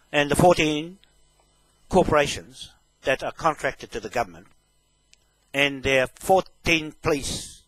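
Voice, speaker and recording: A man speaks slowly and deliberately, stressing each point and pausing to ask "okay?". His voice sits a little high and sounds bright and forceful. The sound is dry and close. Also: husky, no echo, rough recording. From New Zealand. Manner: slow, emphatic, repeats "okay?" as a check. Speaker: self-proclaimed land claimant making a public statement. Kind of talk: direct address to camera.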